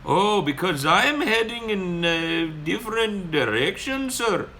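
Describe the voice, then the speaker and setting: Man putting on a flustered, high-pitched ride driver. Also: very animated, slow, sharp tone, slight background noise, heavily acted. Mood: polite, hesitant. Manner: apologetic, repeats "sir". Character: flustered, overly polite male rideshare driver.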